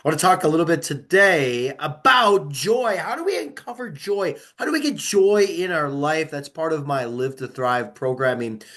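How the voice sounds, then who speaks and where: A man with a cold and a nasal, congested voice, hosting a podcast and reading upbeat sponsor pitches. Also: lively intonation, normal speed, hardly any pauses, fairly bright tone. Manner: upbeat salesy pitch, clears throat. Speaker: podcast host and coach. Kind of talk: casual podcast talk with sponsor reads.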